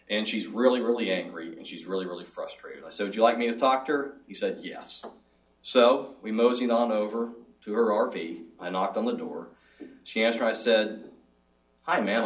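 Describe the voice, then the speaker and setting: A man's voice: fairly low pitch, distant mic, poor audio. A middle-aged man answering as a job candidate in a formal interview, speaking earnestly and measuredly with small restarts.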